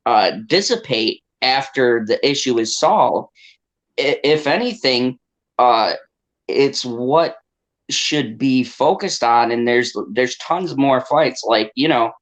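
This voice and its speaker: A man's voice: medium pitch, rough recording. Earnest man in a casual group chat. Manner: earnest, thoughtful, speaks at length.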